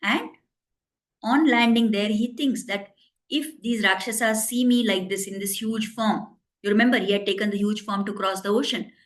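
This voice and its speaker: A woman tells a devotional story, explaining each step in plain words. Her voice sits at a middle pitch, and she often stops to add a note for her listeners. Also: moderate pace. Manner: explains and retells in simple English, quoting characters.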